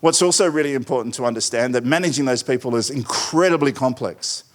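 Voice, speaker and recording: A man's voice: medium pitch, fast talker. A middle-aged man delivers a conference keynote. He has a mid-range voice and tells his points through wry, rambling asides and anecdotes. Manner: wry, digressive storyteller with asides. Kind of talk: conference presentation.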